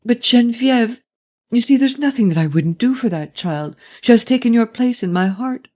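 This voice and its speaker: A man voicing an anxious old grandmother who pleads tearfully in a high voice. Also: lively intonation, fast, mellow. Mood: tearful pleading. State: crying.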